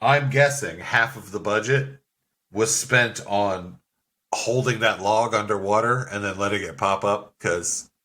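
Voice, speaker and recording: A man's voice: on the low side, unhurried, sharp tone. A man co-hosting a casual movie review chat, joking, laughing often and swearing freely.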